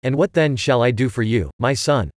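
A man's voice: mid-range voice, expressive, dry recording, studio quality, natural voice. A man reading as Isaac, an aged blind father. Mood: solemn. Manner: measured, solemn scripture reading. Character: aged blind father giving a solemn blessing.

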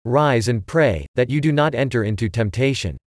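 A man voicing a calm, solemn grown male teacher in a plain, even reading. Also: medium pitch, normal speed, no echo, studio quality, natural voice.

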